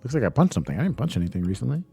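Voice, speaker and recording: A man's voice: mid-range voice, sing-song, racing, gravelly, warm tone, faint music behind. A young man hosting a casual livestream, chatting loosely and reading out chat messages, swearing often. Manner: laid-back, loose, swears often, reads chat aloud. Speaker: livestream host. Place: home streaming setup.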